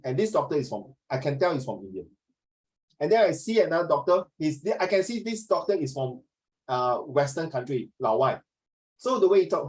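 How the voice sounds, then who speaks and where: A man's voice: a little high, darkish tone, rough recording. A Singaporean man teaching a class, chatty, slipping Chinese into his English and acting out little dialogues. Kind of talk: classroom lesson.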